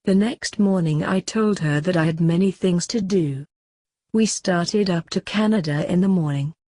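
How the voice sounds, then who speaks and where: Female narrator, slightly low pitch, flat sardonic read of a crude story, very dry room. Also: normal speed, no echo.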